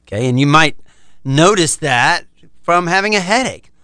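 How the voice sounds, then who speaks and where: A man's voice: on the high side, expressive, moderate pace, sharp tone, clear, resonant tone, dry recording, clean studio sound. A middle-aged man, a chiropractor, explaining his practice confidently in a podcast interview. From United States.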